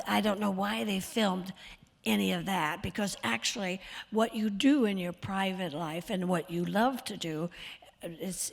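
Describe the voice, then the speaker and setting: An older woman in her eighties chats away on stage in a rambling, self-mocking way. Her voice sounds slightly rough, and her pitch is middling for a woman. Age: 80s. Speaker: guest of honor. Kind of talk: stage interview with anecdotes. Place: stage at an evening event.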